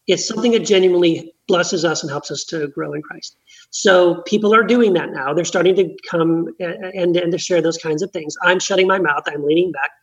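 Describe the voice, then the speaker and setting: Man, church gathering leader, earnest storytelling, muffled lo-fi sound. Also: fairly high pitch. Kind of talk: conversational storytelling.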